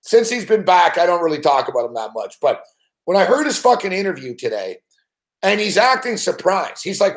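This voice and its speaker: Man, sports host, profane angry rant, high voice, echoey room. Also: big pitch swings, moderate pace. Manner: swears constantly, rants in frustrated outbursts. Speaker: sports betting show host. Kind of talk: profane live-stream rant.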